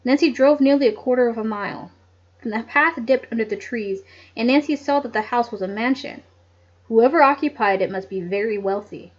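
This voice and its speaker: Casting: a casual, giggly female reader with a fairly high voice and lo-fi home audio. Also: moderate pace. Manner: giggly, chatty asides. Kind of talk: casual read-aloud with asides. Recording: dull lo-fi home recording.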